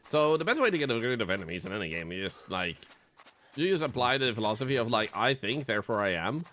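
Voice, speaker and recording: Excitable man streaming a game. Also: medium pitch, fast, a little hiss or hum. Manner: excitable, swearing, jokey running commentary. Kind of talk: casual game commentary. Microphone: streaming mic.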